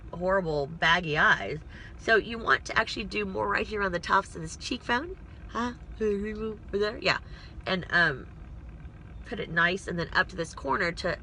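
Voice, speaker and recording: A woman's voice: fairly low pitch, bright, forceful tone, a little hiss or hum. A woman casually rambling through a makeup tutorial from inside a parked car, talking to her phone camera with self-deprecating asides. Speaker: vlogger doing a makeup tutorial.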